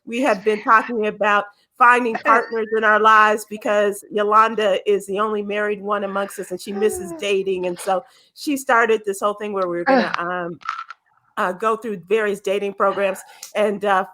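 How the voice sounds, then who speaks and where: A woman hosting a casual group chat over a video call, talking haltingly with many fillers and restarts. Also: mid-range voice, fairly even intonation, bright, forceful tone. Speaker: talk show host.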